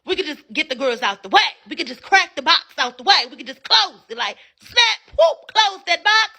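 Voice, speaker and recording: A woman's voice: sits high, very animated, a little fast, sharp tone. A woman hosting a casual phone livestream, brashly hyping viewers to send gifts and cussing freely. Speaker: livestream host.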